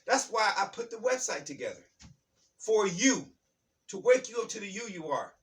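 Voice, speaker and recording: A man giving an impassioned spiritual talk, fired up and preachy, repeating key lines and shouting words for emphasis. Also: high voice, very animated, moderate pace, far from the mic. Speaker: motivational speaker.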